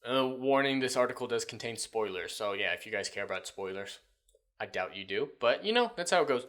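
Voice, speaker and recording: A man's voice: on the low side, expressive, fairly quick, a bit bright. A man hosts a reaction commentary, reading lines from an article and tearing into them. His delivery is sarcastic and profane, with blunt, ranting asides. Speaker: commentary channel host.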